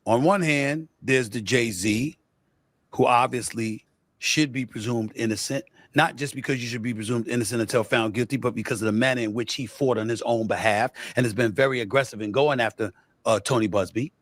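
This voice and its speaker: A man giving measured spoken commentary, deliberate and weighing both sides of a case. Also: mid-range voice, no room sound. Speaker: sports show producer.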